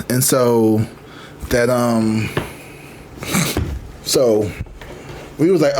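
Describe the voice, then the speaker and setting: A man in his thirties spins a camping tale with loose, profane energy and plenty of back-and-forth. His voice sits at an ordinary middle pitch. A faint hiss runs under the recording. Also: normal speed, long pauses. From Missouri, USA. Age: 30s. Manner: animated, profane, conversational. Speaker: vlogger. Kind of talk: casual storytelling.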